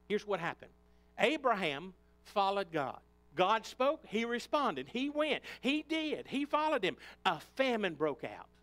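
A pastor with an Appalachian accent preaching a Sunday sermon in a church, swinging between quiet pleading and loud, impassioned build-ups. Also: male voice. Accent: Appalachian American. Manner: impassioned preaching, rising and falling in pitch and volume. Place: church sanctuary.

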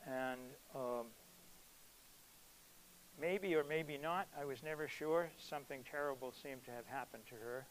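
A man's voice: medium pitch, measured pace, long pauses, slight background noise, poor audio. A man introducing his poetry at a reading, speaking in a hesitant, reflective way with frequent ums. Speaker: poet giving a reading. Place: cultural center hall.

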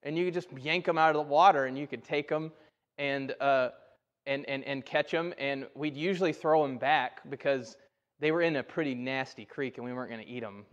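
A man preaching a conversational sermon, telling folksy stories with animated energy. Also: mid-range voice, a little fast. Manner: folksy, animated storytelling with rising excitement. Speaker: pastor. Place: church sanctuary. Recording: dull sound with long hall reverb.

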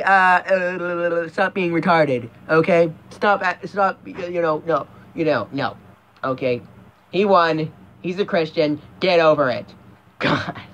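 A man's voice: on the high side, sharp tone. A young man ranting profanely and emphatically in a casual vlog, often stopping to restart a thought. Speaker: vlogger.

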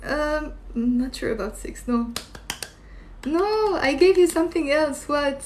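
A woman with a fairly high voice teaches a live-streamed language lesson. She keeps quizzing her viewers and answering their comments in a chatty way. Faint noise sits behind her voice. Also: expressive, measured pace, darkish tone. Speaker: Arabic teacher.

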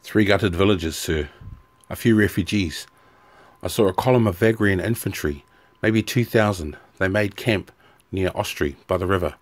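A man's voice: deep voice, moderate pace, dry recording. A man voicing a dutiful army scout reporting matter-of-factly.

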